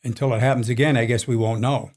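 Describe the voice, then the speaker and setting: A NASCAR crew chief in his sixties appears as a guest in a casual interview, telling rambling anecdotes and chuckling often. He talks fast in a medium-pitched, steady, slightly mellow voice.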